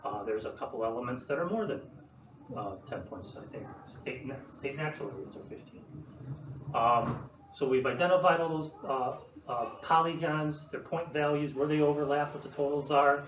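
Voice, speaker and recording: A man presenting to an audience, explaining in a relaxed way with many fillers and restarts. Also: fairly high pitch, normal speed. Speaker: land use planner presenting. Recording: roomy, distant, dull sound with faint room noise.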